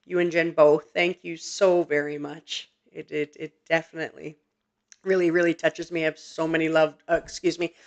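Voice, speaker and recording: Woman psychic medium host, live-stream reading; gentle, earnest, halting, emotionally warm-toned delivery. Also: sits low, little pitch movement. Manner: gentle, earnest, many hesitant fillers; emotionally moved, softly reassuring.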